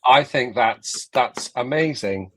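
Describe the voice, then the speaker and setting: A man's voice: medium pitch, takes it slowly, fairly bright tone, slight background noise. A man co-hosting a casual live stream, hesitant and stumbling over his words. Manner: hesitant, stammers and restarts. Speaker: co-host.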